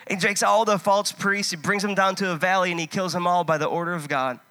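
A man preaching a sermon, impassioned and conversational, swinging from loud urging to hushed storytelling. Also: sits high, fairly even intonation, quick pace. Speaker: pastor.

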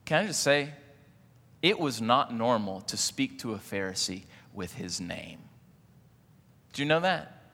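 A man preaches in a church with a bright, forceful tone, joking easily and putting questions to the congregation. His words ring out with a long hall reverb behind them. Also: mid-range voice, sing-song, a little slow, gravelly, pauses often. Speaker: pastor. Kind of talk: sermon.

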